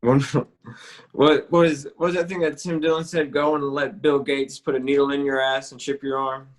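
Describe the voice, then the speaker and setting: A man hosting a podcast in casual chat, talking in a laid-back, drawn-out way. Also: mid-range voice, little pitch movement, rough recording. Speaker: podcast host.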